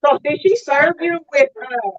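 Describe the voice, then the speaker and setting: A woman's voice: high-pitched, moderate pace. Woman host on a muffled stream. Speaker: livestream host. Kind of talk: casual livestream interview. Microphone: video call.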